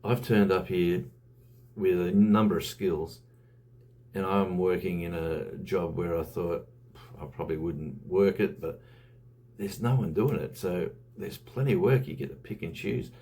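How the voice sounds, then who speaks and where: A man's voice: sits low, measured pace, dark tone, slight background noise. An Australian man talking casually to camera in a vlog, rambling and conversational with lots of fillers. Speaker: YouTuber.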